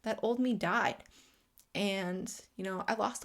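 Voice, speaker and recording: An earnest woman hosts a spiritual self-help talk in a middle-pitched voice. She talks in a heartfelt way and leans on "you know" fillers while she gathers her thoughts. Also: takes it slowly. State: emotional, near tears. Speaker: host.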